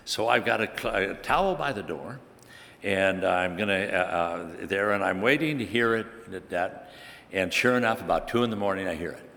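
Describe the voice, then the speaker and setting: A man's voice: low-pitched, lively intonation, moderate pace, gravelly, sharp tone, in a large hall. A man preaching a sermon, telling a personal story with animation and building to emphatic preaching. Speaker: pastor.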